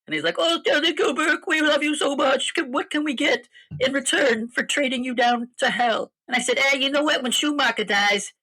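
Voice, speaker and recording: A woman's voice: high voice, moderate pace, bright, forceful tone. A woman voicing a brash, foul-mouthed dead male film director with a Brooklyn accent in a parody ad skit. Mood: boastful. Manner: boastful, crude, swaggering.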